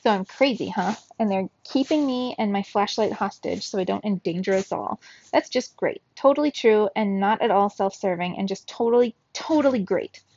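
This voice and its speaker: Brief: defiant sarcastic young girl in a storybook, read by a woman, husky tone, dull recording. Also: mid-range voice, moderate pace, darkish tone, natural voice.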